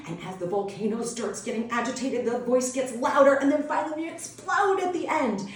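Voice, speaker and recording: A woman's voice: high voice, a little fast. A woman homeschool tutor explaining classroom teaching ideas in an upbeat, enthusiastic way for an instructional video. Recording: very echoey room, distant mic.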